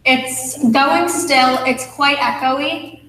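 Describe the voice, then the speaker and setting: A young woman chatting casually during a rehearsal mic check, talkative and quick to laugh. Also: sits high, steady tone, bright, forceful tone. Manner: chatty, laughs easily, restarts sentences. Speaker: actor in a stage rehearsal. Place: large echoey hall. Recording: echoey room, distant mic, faint hum.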